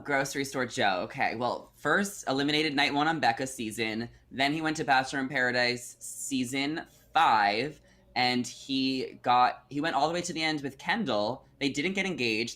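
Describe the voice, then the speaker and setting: A man's voice: medium pitch, moderate pace, fairly bright tone. Skeptical man co-host, casual chat. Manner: skeptical, analytical.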